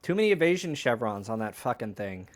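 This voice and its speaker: Lively, laughing man streaming a strategy game. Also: medium pitch, a little fast. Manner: laughs often, swears, chatty commentary on his game. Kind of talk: casual gaming stream chat.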